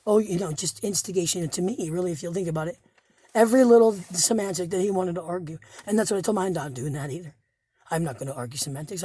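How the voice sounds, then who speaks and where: A woman with a husky, hoarse voice recounts events straight to the camera, swearing freely and circling back over her words in agitation. The sound is dry and close, with no room around it. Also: on the low side, darkish tone, no room sound. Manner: agitated, profane, repetitive restarts. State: hoarse, injured throat.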